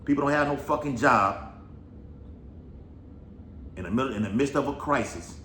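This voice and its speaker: In an echoey space with a bit of faint noise, a man of medium pitch and fairly bright tone speaks at a moderate pace. His Bible prophecy commentary is casual and rambling, peppered with swearing and constant "all right"s.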